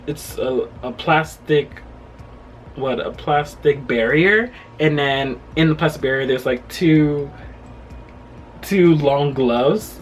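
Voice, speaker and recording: A young man telling a travel story in a casual vlog from his home, animated and full of fillers. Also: mid-range voice, slight background noise. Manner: animated retelling with quoted voices, frequent fillers and laughs. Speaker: travel vlogger. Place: his home during quarantine.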